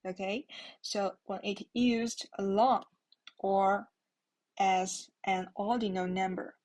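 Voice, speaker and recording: A woman's voice: medium pitch, fairly even intonation, takes it slowly, a little mellow, low-quality recording. A woman with a Chinese accent teaching a language lesson, patiently repeating words for learners. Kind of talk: slow classroom lesson.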